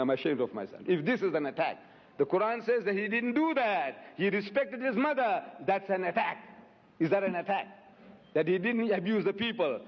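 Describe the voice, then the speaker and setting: A man answers his critics in a public debate with forceful, rhetorical passion, pressing the same questions again and again. His voice sits somewhat high. The old lo-fi recording sounds dull, and a long reverb trails through the hall. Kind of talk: impassioned public debate rebuttal.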